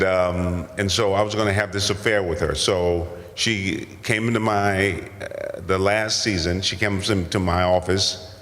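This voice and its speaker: An older actor telling stories at a convention Q&A, rambling and self-deprecating with many restarts. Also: male voice, sits low, a bit bright. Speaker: guest actor. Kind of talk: convention Q&A storytelling. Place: large convention hall. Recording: convention hall with long reverb.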